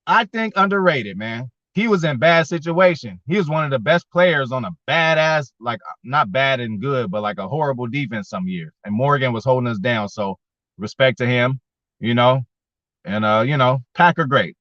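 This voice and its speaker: A man's voice: mid-range voice, pushed and bright, no echo. A man hosting a casual sports fan show, talking with viewers in a slangy, profane way and getting worked up as he goes. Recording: dull lo-fi.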